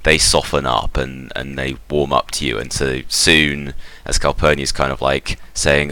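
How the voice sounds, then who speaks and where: A man running a tabletop game with a very deep, bright and clear voice. He narrates in a rambling way, full of fillers. He is recorded close and dry. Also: steady tone, moderate pace, hardly any pauses, no echo. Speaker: game master.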